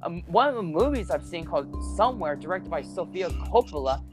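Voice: mid-range voice, lively intonation, a little fast. Blunt reviewer over background music. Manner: blunt, exasperated opinions. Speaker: movie reviewer. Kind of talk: casual chat.

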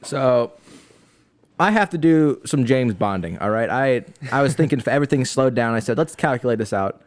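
A man's voice: medium pitch, animated, moderate pace. A young man telling a story in casual chat as a podcast co-host, laughing often.

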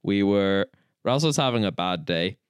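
A man's voice: on the low side, expressive, moderate pace, clear, resonant tone, no echo, studio quality. A young man co-hosting a podcast, teasing and laughing in casual comedic chat. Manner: playful, teasing, laughs often. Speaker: podcast co-host. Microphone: studio mic.

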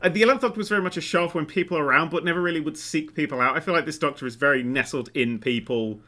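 A man co-hosting a podcast in casual chat, animated and sweary, acting out quoted lines. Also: on the high side, very fast. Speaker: podcast co-host.

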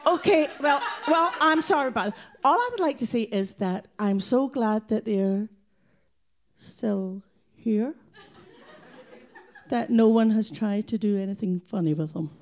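A woman's voice: fairly high pitch, measured pace, background noise. A woman putting on a brash Glaswegian mum. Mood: brash comic. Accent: Scottish, Glaswegian. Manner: brash, mock-tough comic rant. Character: rough-talking older Glasgow mum.

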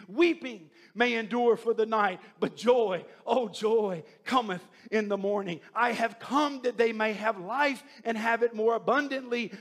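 Man, high-pitched voice, preaching a sermon, rhythmic refrain, scripture quotes. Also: a bit bright.

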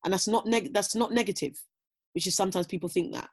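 A woman's voice: medium pitch, quick pace. A middle-aged woman talking casually as an interview guest, reflective and full of "you know" fillers. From Britain. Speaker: guest, former athlete.

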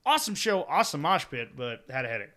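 A young man with a drawl tells a long, rambling story as a podcast host, cussing freely and laughing at himself. His voice is bright and forceful, sitting a little higher than most men's. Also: sing-song, fast. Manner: rambling storyteller, profane, laughs at own stories. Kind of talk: casual chat.

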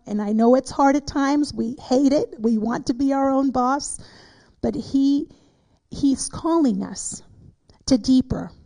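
A woman's voice: mid-range voice, creaky, dark tone, slightly rough. A woman pastor teaching a Bible study in an earnest preaching style, repeating her points for emphasis. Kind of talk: sermon.

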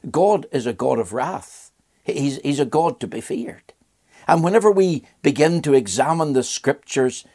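A man's voice: medium pitch, darkish tone. An older man from Ireland preaching a sermon in an earnest voice, asking rhetorical questions and repeating phrases.

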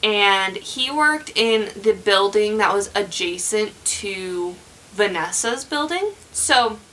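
A woman's voice: mid-range voice, expressive, slow, fairly bright tone, slight background noise, poor audio. A young woman hosting a podcast, telling a true crime story in casual chat, rambling with many fillers and restarts.

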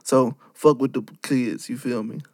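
A young man co-hosting a podcast, relaxed and offhand in casual chat. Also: medium pitch, a little slow, no room sound, clean studio sound. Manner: relaxed, plugs the show offhandedly. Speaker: podcast co-host.

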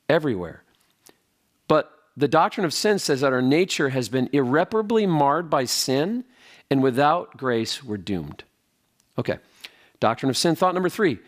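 A man preaching a sermon in a conversational way, with fillers and quick asides. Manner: conversational preaching with lively pitch and filler words. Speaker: pastor.

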